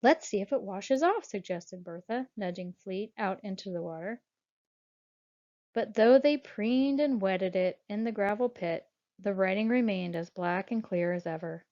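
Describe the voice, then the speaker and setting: A woman narrating a children's storybook in a measured, expressive reading voice. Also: mid-range voice. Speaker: audiobook narrator. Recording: dull lo-fi audiobook recording.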